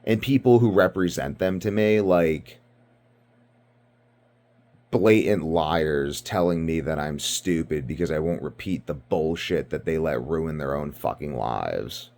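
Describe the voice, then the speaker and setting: A man's voice: very deep voice, unhurried, a little mellow. A man from Britain giving rambling casual commentary, ranting and profane, full of fillers. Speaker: video commentator.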